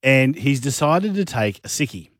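An Australian man with a deep voice, co-hosting a radio show and telling a yarn in casual banter, slipping into gruff tradie voices. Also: sing-song, moderate pace, fairly bright tone, no echo, studio quality. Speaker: radio co-host.

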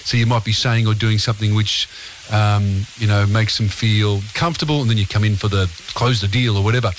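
A man's voice: fairly low pitch, steady tone, a little fast, slight background noise. A man with an Australian accent hosting a radio interview, rambling and hesitant with many fillers. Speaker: radio host.

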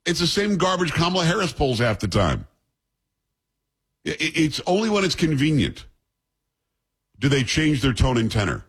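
A man's voice: a little high, sing-song, moderate pace, pauses often, breathy edge. A man hosting a show, giving blunt, scornful political commentary. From New York.

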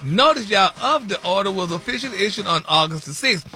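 A man's voice: high voice, animated, brisk, bright, forceful tone. A man reading celebrity news on a radio morning show in a flamboyant, sing-song way, full of "y'all" and "honey".

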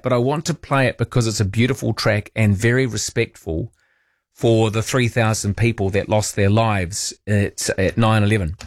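Chatty New radio host, dry sound. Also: male voice, lowish voice, no room sound. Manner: chatty, teasing, self-mocking. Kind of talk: casual talkback chat.

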